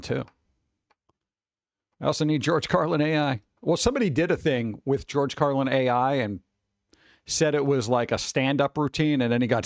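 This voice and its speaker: A man's voice: mid-range voice, dry recording. A tired man chatting casually on a livestream, rambling and sarcastic, reading chat messages aloud.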